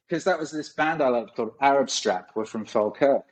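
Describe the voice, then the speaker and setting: A man's voice: mid-range voice, expressive, a little fast, few pauses, poor audio. A man in his forties, a guest on a podcast, telling rambling stories in a casual way and swearing often. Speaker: guest musician. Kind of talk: casual storytelling.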